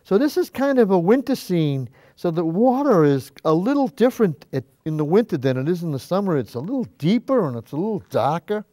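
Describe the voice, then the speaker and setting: Brisk and very animated, an older man with a high, mellow voice barely pauses, heard on a dry recording. He hosts a casual painting demonstration in a high school cable TV studio, rambling folksily as he works. Sometimes he drifts from the mic to step back and study the canvas.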